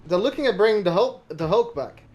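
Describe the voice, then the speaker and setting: A man's voice: high-pitched, animated, fairly quick, a little mellow, breathy edge, dull audio, soft background music. A man co-hosting a casual livestream chat, talking loosely with many restarts and casual swearing.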